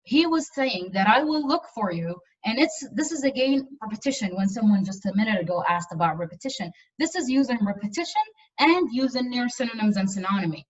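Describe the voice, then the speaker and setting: A woman's voice: a little high, expressive, a little fast. Woman lecturing over a muffled video call. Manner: earnest, emphatic with frequent repetitions. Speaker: university lecturer. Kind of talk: online lecture.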